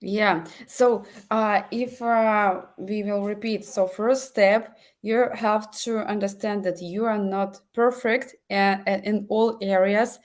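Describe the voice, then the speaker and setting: A woman's voice: medium pitch, fairly even intonation, slow pace, few pauses. A woman hosting an interview over a video call, speaking in in an enthusiastic, effusive way. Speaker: host. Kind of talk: interview conversation.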